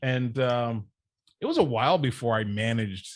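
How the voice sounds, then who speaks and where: A man, a podcast guest, casually telling an anecdote, animated and often laughing as he goes. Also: mid-range voice, moderate pace, no room sound. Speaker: podcast guest, wrestling manager. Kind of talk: casual storytelling chat.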